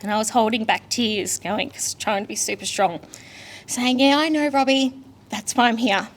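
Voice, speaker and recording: A woman's voice: mid-range voice, steady tone, moderate pace. A young Australian woman, the daughter, giving a candid, emotional funeral eulogy full of family stories. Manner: emotional, candid, storytelling with laughs.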